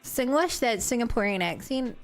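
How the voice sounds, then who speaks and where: A woman's voice: fairly high pitch, lively intonation, moderate pace. A young woman streaming a game, chatting casually and rambling as she reacts to chat. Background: game music.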